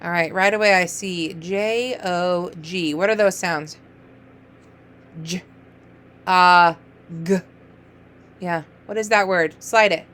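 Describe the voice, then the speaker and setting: A woman teaching early reading to young children, drawing out letter sounds and cheering each word with playful, sing-song praise. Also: fairly low pitch. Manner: encouraging, sing-song, playful praise with gasps and exaggerated excitement; slow, drawn-out letter sounds.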